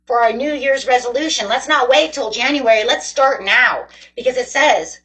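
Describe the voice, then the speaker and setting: A woman's voice: a little high, moderate pace, hardly any pauses, a bit bright, poor audio. A woman giving a casual tarot reading to her viewers, chatty, rambling and encouraging. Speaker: tarot reader.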